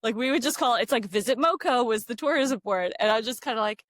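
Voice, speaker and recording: A middle-aged woman from Philadelphia, co-hosting a casual chat over drinks and telling stories with quick asides. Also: fairly high pitch, a bit bright, dry recording, studio quality. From Philadelphia, USA. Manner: chatty, storytelling with quick asides. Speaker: podcast co-host.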